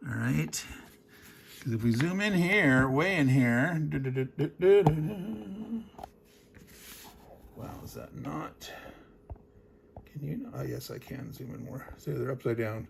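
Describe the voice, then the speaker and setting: A man's voice: mid-range voice, moderate pace, creaky, a little hiss or hum. A man hosting a board game unboxing, talking casually, wandering off into digressions and chuckling as he goes. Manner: rambling, digressive, chuckles often.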